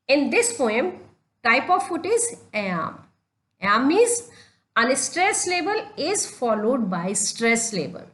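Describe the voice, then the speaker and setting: A woman teacher with an Indian English accent, giving a deliberate lecture on poetry and repeating her points step by step. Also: fairly high pitch, a bit bright. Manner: repeats and restates points, deliberate stepwise explanation. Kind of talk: slow classroom lecture on poetry.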